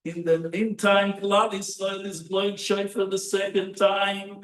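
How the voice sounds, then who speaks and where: A man, a rabbi, giving a sermon with animated storytelling and lots of rhetorical questions, recorded in a synagogue hall. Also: high voice, measured pace, slight background noise. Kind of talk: Torah sermon. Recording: roomy echo, distant mic.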